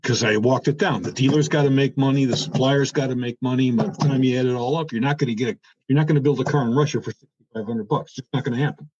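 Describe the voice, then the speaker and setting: A man's voice: mid-range voice, fast talker, hardly any pauses, husky. An older man, a former car executive, telling an anecdote in an interview and acting out the quoted dialogue. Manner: animated, acts out quoted dialogue. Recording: dull lo-fi sound.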